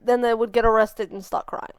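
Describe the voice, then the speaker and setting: A woman's voice: on the high side, level tone, fairly quick, clear, resonant tone, dry recording. A young woman hosting a reaction video, ranting and swearing in exasperation. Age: young adult. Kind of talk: casual reaction commentary.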